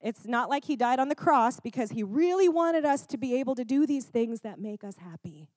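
A woman preaching a sermon, animated and chatty, often checking in with the congregation with quick "Amen? Okay?" asides and laughing now and then. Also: a little high, dry recording, clean studio sound.

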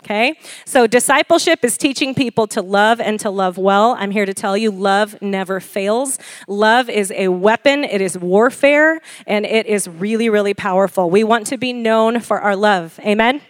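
A woman preaching a sermon in a lively way, often laughing and checking in with "okay?" and "amen?", and asking the congregation to repeat phrases after her. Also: mid-range voice, moderate pace, hardly any pauses, no room sound. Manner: laughs often between points.

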